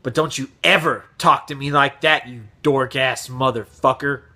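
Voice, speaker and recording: A man's voice: mid-range voice, fairly even intonation, normal speed, pushed and bright. A man voicing an angry, cursing male shopper who is a father. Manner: cursing, hostile.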